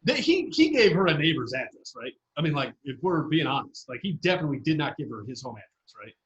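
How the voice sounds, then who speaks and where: A high-pitched man co-hosting a podcast, ranting excitably and swearing a lot. His pitch swings widely as he gets fired up. The room around him sounds echoey. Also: fast, highs cut off. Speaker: podcast co-host. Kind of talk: casual podcast chat.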